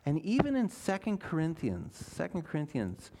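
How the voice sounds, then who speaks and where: Conversational preacher, fairly high voice. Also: male voice, wildly swooping pitch, mellow. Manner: conversational, with fillers and dramatic pauses. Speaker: pastor. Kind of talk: sermon.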